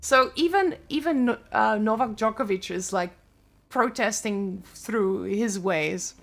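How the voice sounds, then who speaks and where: A woman's voice: mid-range voice, slow, vocal fry, a bit bright. A young adult woman with a Serbian accent, chatting casually on a live stream in loose, non-native English.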